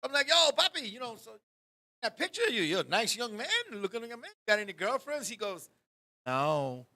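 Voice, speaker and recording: A man's voice: high voice, quick pace. A man hosting a talk show, telling a funny story in a loose, profane way and acting out the people in it. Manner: animated, profane, acts out the people in his story. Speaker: podcast host. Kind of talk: casual storytelling chat.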